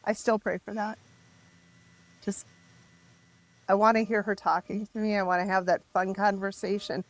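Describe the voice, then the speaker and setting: A middle-aged woman telling her story as a podcast guest, raw and emotional, halting and restarting as she speaks. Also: mid-range voice, little pitch movement. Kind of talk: candid personal storytelling.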